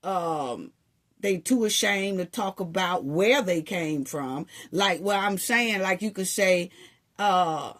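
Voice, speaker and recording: A woman's voice: fairly low pitch, lively intonation, takes it slowly. A woman giving a sarcastic, scolding opinion monologue, full of rhetorical questions. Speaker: commentary vlogger.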